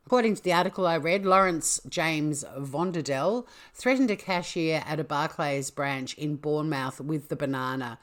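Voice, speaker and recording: Australian woman host, casual storyteller, low voice, playful asides. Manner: chatty, jokey, with asides. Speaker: podcast host.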